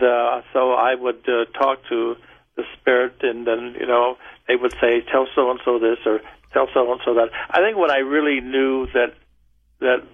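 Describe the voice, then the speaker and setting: A man in his seventies, a guest medium, talking and telling stories in a radio interview with a gentle laugh. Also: medium pitch. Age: 70s. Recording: tinny phone line.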